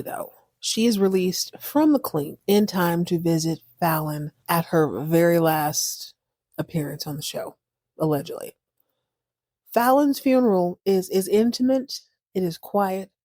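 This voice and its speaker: Woman host, casual comedic recap, sassy and quick-witted, dry close sound. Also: on the low side, very animated, dark tone, no room sound. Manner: sassy and playful, voicing characters in quick bursts. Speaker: podcast host recapping a TV series.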